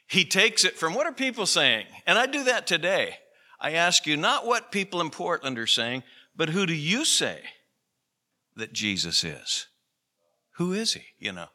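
A male pastor preaching a sermon in a chatty storytelling way, with plenty of fillers, slowing down to stress key phrases. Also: medium pitch, sing-song, pushed and bright. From Pacific Northwest, US. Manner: conversational, storytelling with fillers like "you know". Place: church hall. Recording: radio broadcast of a sermon in a church hall with long reverb.

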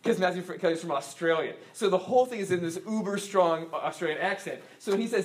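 A man's voice: sits high, fast, hardly any pauses, slightly rough. Chatty man teaching a church class. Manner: chatty, rambling, frequent fillers and restarts.

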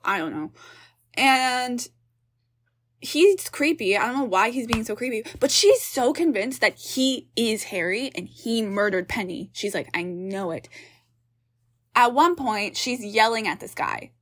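A young woman co-hosting a casual film review chat, animated and exasperated, swearing casually as she picks apart the plot. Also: a little high, measured pace. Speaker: podcast co-host.

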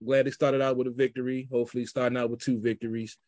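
Man, casual chat, earnest and reflective, mid pitch, dry close sound. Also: level tone, fast, a little mellow, no echo. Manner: reflective, earnest, loose phrasing. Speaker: podcast guest.

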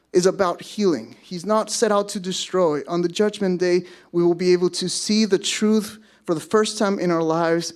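A man's voice: a little high, darkish tone. A man preaching a sermon to his congregation, conversational, with self-deprecating asides. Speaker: pastor. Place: church service.

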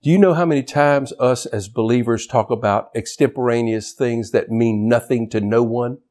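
An older man, a pastor, preaching a sermon in a church, animated and shouting at times for emphasis. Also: mid-range voice, normal speed.

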